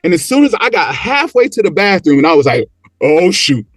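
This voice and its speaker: A man telling a story as a podcast guest, animated and acting out the quotes and motions as he goes. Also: high voice, a little fast, breathy edge, no echo. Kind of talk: casual storytelling.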